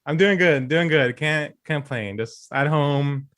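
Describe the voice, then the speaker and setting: A man's voice: on the high side, takes it slowly, fairly bright tone, dry recording, clean studio sound. A man co-hosting a casual podcast, laid-back and encouraging, laughing easily as he talks. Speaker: podcast co-host.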